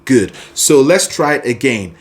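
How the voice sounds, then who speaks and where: Animated singing teacher with a lively voice. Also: medium pitch, measured pace. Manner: animated, encouraging, sings example phrases. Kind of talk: vocal lesson with sung demonstrations.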